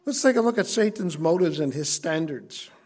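A male preacher delivers an earnest sermon with a high, husky voice. He teaches in a conversational tone and stresses his key points. The delivery stays plain and direct. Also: animated, normal speed, darkish tone.

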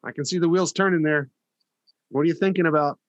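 A man hosting a casual chat, prompting his guest with quick questions. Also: on the high side, steady tone, no echo, dull audio. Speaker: podcast host.

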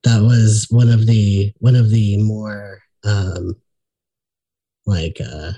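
A man hosts a relaxed conversation, easygoing and a little hesitant, with fillers as he thinks. His voice has a warm, mellow tone and a dry, close sound. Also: fairly low pitch, takes it slowly, husky, dry recording. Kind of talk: casual conversation.

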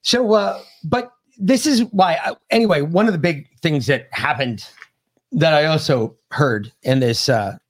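A man's voice: fairly high pitch, a little slow. A man hosting a political podcast, talking in a rambling, casual way with many restarts. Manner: rambling, restarts, lively intonation. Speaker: podcast host.

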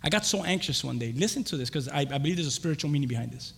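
A young man preaching a sermon, telling a lively personal story with laughter and acted-out voices. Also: a little high, very fast, vocal fry, breathy edge. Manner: animated, laughing, acts out voices in his stories. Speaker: pastor. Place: church. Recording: church hall reverb.

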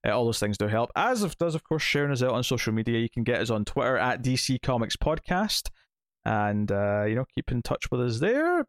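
A man's voice: medium pitch, big pitch swings, brisk, dry recording, studio quality. A man co-hosting a podcast, chatting casually and reading out thanks, with many fillers and restarts. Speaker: podcast co-host. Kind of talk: casual podcast chat and outro.

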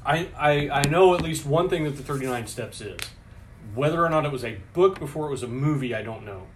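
A man's voice: on the high side, lively intonation, fairly quick, a little hiss or hum. A man co-hosting a casual podcast, reading out trivia questions and answer options, with frequent restarts and laughter. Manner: hesitant, many restarts, laughs often. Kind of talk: casual chat.

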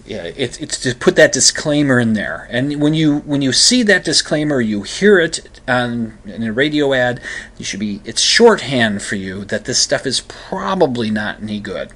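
A man's voice: medium pitch, expressive, normal speed, a bit bright, breathy edge. A man with an ordinary mid-range voice talks through a story in a loose, unscripted way. He circles back on himself with plenty of fillers and false starts. His delivery carries a wry, skeptical tone. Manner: rambling, lots of fillers and restarts. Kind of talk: casual commentary monologue.

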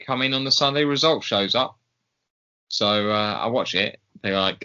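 A man's voice: on the low side, normal speed, sharp tone, clear, resonant tone. A man co-hosting a podcast in casual chat, talking in a chatty, hesitant way with many ums. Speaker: podcast co-host. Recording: slightly dull lo-fi sound.

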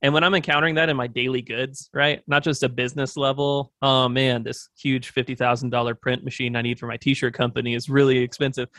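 A man's voice: mid-range voice, flat delivery, fast talker, few pauses, sharp tone, no room sound, studio quality. A man guesting on an interview show, talking through business plans in a thoughtful, rambling way with lots of fillers. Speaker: agency owner, podcast guest. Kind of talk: casual interview talk.

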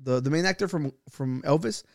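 A man's voice: on the high side, fairly quick, no echo, studio quality. A man co-hosting a casual podcast chat, blunt and heated, swearing often and restarting his sentences. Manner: frequent restarts and filler words. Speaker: podcast co-host.

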